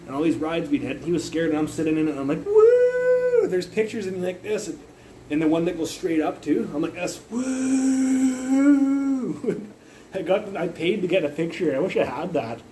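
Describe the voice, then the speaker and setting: A man's voice: a little high, slight background noise, poor audio. A young man telling a rambling, profane story in a casual livestream from his phone. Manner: rambling, profane, animated retelling.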